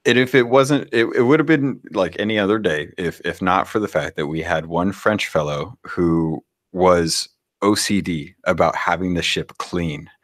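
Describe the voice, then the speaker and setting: A man co-hosting a podcast, telling stories in a rambling, halting way. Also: deep voice, a bit bright. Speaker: podcast co-host. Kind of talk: casual podcast storytelling.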